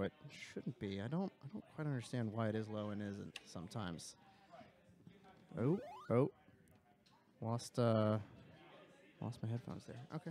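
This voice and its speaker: A man's voice: fairly low pitch, animated, a little slow, long pauses, mellow. A man organizing a gaming tournament, chatting easily and teasing players while making stream announcements. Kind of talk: casual chat and stream announcements. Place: gaming venue during an event.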